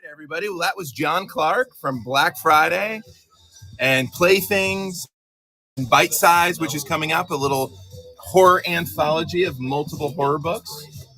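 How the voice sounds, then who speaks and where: Chatty guy running a comic giveaway stream, bright tone, music playing softly. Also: on the high side, normal speed, rough recording. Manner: upbeat, chatty, joking banter. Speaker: livestream host. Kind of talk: casual livestream chat.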